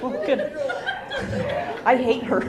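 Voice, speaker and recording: A woman's voice: fairly high pitch, steady tone, takes it slowly. A woman from Utah doing a self-deprecating stand-up comedy set on a club stage, teasing the audience. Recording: live club with loud crowd noise.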